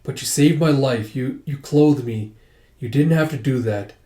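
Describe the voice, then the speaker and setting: A man reading aloud and voicing a weary young man who speaks haltingly and apologetically. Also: medium pitch, warm tone, lightly acted. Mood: apologetic. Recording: roomy echo.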